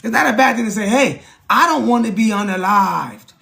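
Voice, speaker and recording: A man talking casually to his livestream chat, animated, often asking "you know what I'm saying" and jumping up in pitch when he acts out conversations. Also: a little fast, creaky. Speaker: streamer.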